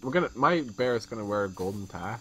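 A man's voice: on the low side, animated, fast, pushed and bright, breathy edge. A man chatting casually while gaming, playful, often laughing and tripping over his words. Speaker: gamer.

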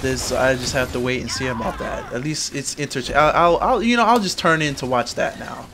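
On a casual wrestling recap podcast, a male host rants in exasperation, often restarting his sentences. His mid-range voice moves briskly over a noisy background.

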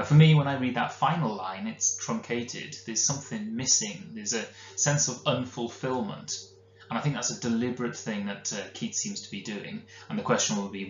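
A man's voice: lowish voice, fairly bright tone. A man with a Welsh accent teaching a recorded literature lesson, explaining in a conversational way with the odd filler. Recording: roomy, dull lo-fi recording with faint hum.

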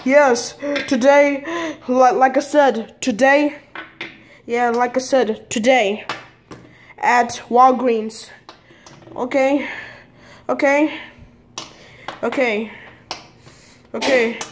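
A woman in a repetitive, halting pretend-play dialogue at home, speaking both sides of the chat and recorded on a phone camera. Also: sits high, fairly even intonation, slight background noise.

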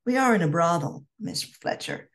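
A woman voicing a cocky young merchant man who goads and speaks bluntly, in her own low voice. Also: lively intonation, normal speed. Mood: goading. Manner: goading, blunt.

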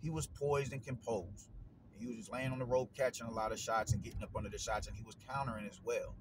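A man, giving a casual opinion monologue as a boxing commentator, animated and slangy, swearing and repeating himself. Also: medium pitch, fast talker, noisy background.

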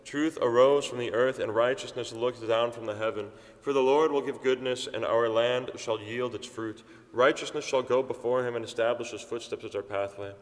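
A man reciting psalms at a steady pace during a church service, then chanting the refrains. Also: medium pitch, moderate pace, hardly any pauses. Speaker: church reader. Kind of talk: liturgical psalm reading and chanting. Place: large church. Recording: long church reverb.

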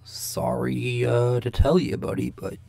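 Slow, gravelly young man ranting. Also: mid-range voice, level tone, warm tone. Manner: exasperated, rambling, swears often. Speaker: show host reacting to a debate clip. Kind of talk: casual commentary.

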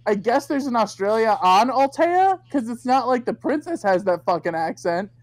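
A woman's voice: fairly high pitch, expressive, normal speed, no echo. Woman, podcast co-host, casual chat, joking, profane, dry close sound. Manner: profane, joking, puts on silly voices.

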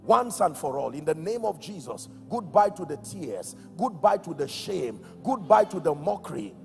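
A Nigerian man preaching a sermon with emphasis, going from shouted calls to quiet, low words and asking the congregation questions. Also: sing-song, moderate pace, creaky. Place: large church hall. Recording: echoey church hall with soft music.

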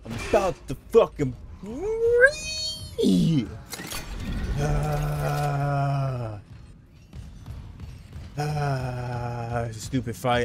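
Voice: mid-range voice, very animated, takes it slowly, slight background noise. A gamer giving let's play commentary on a horror game, frustrated, swearing a lot and talking to themself.

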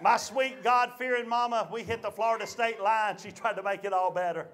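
A man's voice: high-pitched, a little fast, a little hiss or hum. A man telling a stand-up story to a live audience, acting out his family's voices. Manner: animated, acts out family voices. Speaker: stand-up comedian. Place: live comedy show venue.

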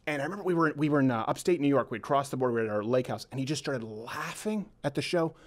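A man hosting a comedic panel talk show, telling jokey stories in an animated way. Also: mid-range voice, fast. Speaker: host.

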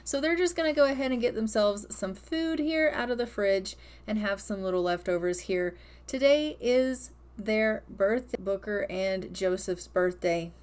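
A woman's voice: mid-range voice, unhurried, few pauses, a little mellow. A woman narrating her life-simulation gameplay in a chatty, upbeat way, stretching and repeating words for emphasis. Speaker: gaming video host.

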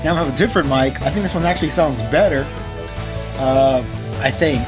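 A man's voice: on the high side, a little fast. Young man rambling over game music. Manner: rambling, swears when frustrated. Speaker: gaming channel host. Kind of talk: casual gameplay commentary.

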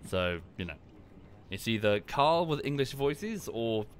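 A man casually commenting on a live game stream and explaining history at length in a relaxed, wry way. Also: mid-range voice, unhurried, slight background noise.

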